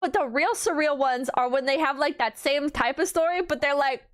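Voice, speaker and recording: A high-pitched woman from the United States chatting casually on a stream. She rambles and swears, and she keeps jumping into loud, incredulous disbelief. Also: normal speed, hardly any pauses. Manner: rambling, profane, exasperated mock disbelief with laughing outbursts. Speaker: VTuber streamer.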